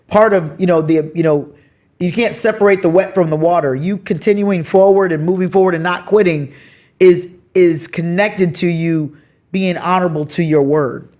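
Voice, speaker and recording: A middle-aged woman hosting a casual, heartfelt conversation, telling stories with animated swings in her voice. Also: normal speed. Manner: animated storytelling, expressive pitch swings. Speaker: podcast host.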